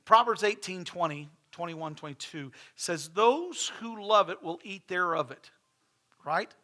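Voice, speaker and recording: A man's voice: high-pitched, lively intonation, a little slow, bright, forceful tone. A middle-aged man preaching a sermon in a church, folksy and conversational, with restarts and asides to the congregation. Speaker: pastor. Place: church sanctuary.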